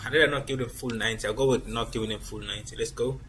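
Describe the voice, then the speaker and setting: A man thinking aloud as he plays a football management game, circling back over the same points and restarting half-finished phrases. His voice sits at an ordinary middle pitch. A faint hiss of noise runs under the recording. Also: steady tone, very fast. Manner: rambling, repeats himself, frequent restarts. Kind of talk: casual gameplay commentary.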